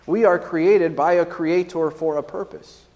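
A man's voice: fairly high pitch, steady tone, measured pace, long reverb tail, lo-fi sound. A man preaching a sermon as pastor, in a conversational way with frequent tag questions and fillers.

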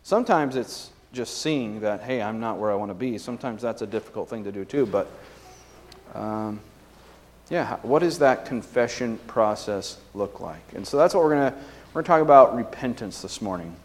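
A man's voice: mid-range voice, animated, moderate pace, big-room sound. A man preaching a sermon as pastor, in a conversational way with frequent tag questions and fillers.

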